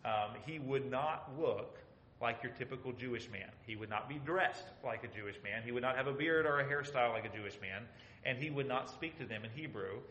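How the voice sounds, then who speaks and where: Man, Bible study teacher, bright forceful voice, emphatic rhetorical questions, roomy echo. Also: mid-range voice, fairly quick, a little hiss or hum.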